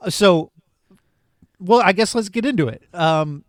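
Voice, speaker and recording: A man's voice: sits high, lively intonation, a little slow, dry recording, clean studio sound. A man co-hosting a podcast, chatting eagerly about a film and rambling with fillers. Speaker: podcast co-host. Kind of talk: casual movie review chat.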